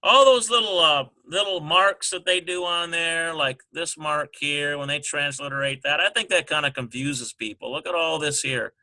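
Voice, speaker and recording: A man slowly working through a language exercise, sounding out syllables and spelling letters one by one. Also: a little high, bright, forceful tone. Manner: slow and halting, sounding out syllables. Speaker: Hebrew teacher. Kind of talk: screen-recorded lesson walkthrough.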